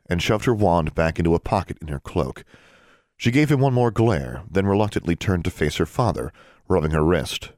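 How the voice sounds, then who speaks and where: Deep-voiced man narrating an audiobook. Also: dry recording. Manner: expressive, varied delivery. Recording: dry close studio sound.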